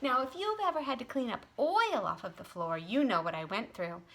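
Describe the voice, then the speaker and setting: Lady doing a frazzled mom, sighing and explaining, bright lively voice. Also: fairly high pitch, moderate pace. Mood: exasperated. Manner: exasperated, explaining. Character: harried adult mother, flustered and chatty.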